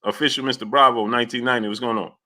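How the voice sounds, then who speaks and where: A man's voice: mid-range voice, fairly even intonation, racing, bright, forceful tone. A man hosting a boxing talk live stream, chatting casually and greeting viewers by name. He rambles loosely, with many fillers and restarts. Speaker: boxing talk show host.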